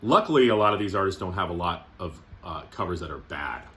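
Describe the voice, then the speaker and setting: Chatty man with a bright voice. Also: low-pitched, animated, fast. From Canada. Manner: chatty, joking, fond of strong language. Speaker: record collector vlogger. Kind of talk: casual talk to camera.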